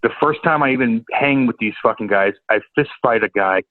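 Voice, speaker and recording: Speaking fairly quickly in a mid-range voice, a St. Louis, USA man who once worked as a hockey enforcer rambles as a podcast guest. His storytelling is profane, stammering, and full of repeats in a casual-chat style. The line sounds tinny and phone-like, dry with no room sound.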